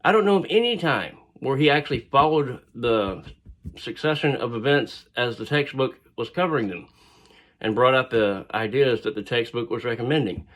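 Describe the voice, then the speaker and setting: A man of middle pitch tells a personal story in a loose, conversational way. He wanders into side remarks and fills his pauses with "uh" and "um". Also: lively intonation, a bit bright. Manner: rambling, digressive, with fillers. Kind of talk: casual spoken storytelling.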